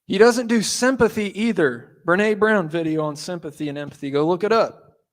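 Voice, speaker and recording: A man pastor giving a sermon, telling the story with animated voices and asides. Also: sits high, normal speed. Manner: animated storytelling, acting out quotes.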